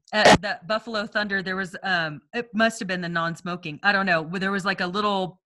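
A woman co-hosting a casual talk show with a bright, forceful voice. She chats along easily, giggly and loose, full of little fillers and restarts. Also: medium pitch. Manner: chatty and giggly, with frequent fillers. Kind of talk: casual chat, reading reviews aloud.

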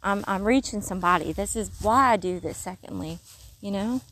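A woman giving casual spiritual encouragement while walking outdoors in the countryside, earnest and rambling, with soft whispered asides. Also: mid-range voice, a little fast, slight background noise, rough recording. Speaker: faith vlogger.

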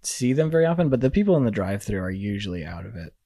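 A man chatting casually as a podcast co-host, wry and relaxed, wandering into loose asides. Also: lowish voice, rapid-fire, no room sound, studio quality. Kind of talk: casual chat.

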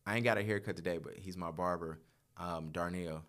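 Man in his thirties, low voice, animated storyteller, casual podcast chat. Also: a little fast. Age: 30s. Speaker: podcast guest.

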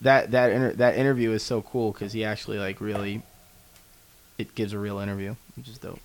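A man's voice: lowish voice, little pitch movement, fairly quick. A young man co-hosting a casual podcast chat, telling stories animatedly, swearing freely and acting out quotes. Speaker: podcast co-host.

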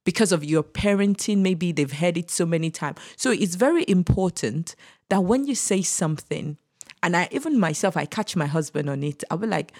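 A woman's voice: fairly low pitch, animated, normal speed, a little mellow, no echo, clean studio sound. A woman, talking through parenting in an earnest, emphatic way, often repeating her points. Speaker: parenting guest. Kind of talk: casual podcast discussion.

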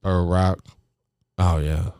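A man's voice: sits low, flat delivery, slow pace, dark tone, clear, resonant tone, dry recording, studio quality. A man in casual chat, laid-back and profane, laughing often.

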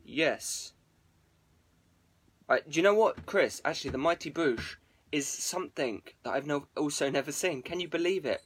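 A man's voice: a little high, expressive, moderate pace, fairly bright tone. A man, rambling casually and self-mockingly to viewers on a live stream.

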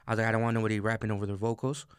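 A man's voice: fairly low pitch, little pitch movement, racing, smooth, dry recording. A young man from the Chicago area, a guest rapper chatting over beers in a studio, telling rambling stories with lots of slang. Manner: laid-back, rambling storyteller, slangy. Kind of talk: casual chat over beers. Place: small studio.

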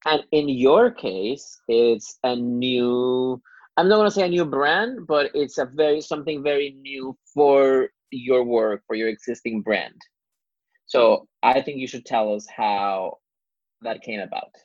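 Podcast co-host, calm dry humor, casual chat, dead-dry lo-fi sound. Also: mid-range voice, unhurried, no echo.

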